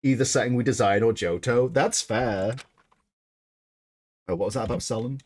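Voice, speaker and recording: A young man streaming a game, giving casual, joking, animated commentary and swearing freely. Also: mid-range voice, moderate pace.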